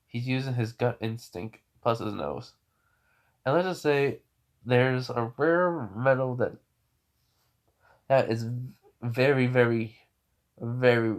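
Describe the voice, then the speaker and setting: A young man casually retelling a fan story, rambling with many fillers and restarts. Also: medium pitch.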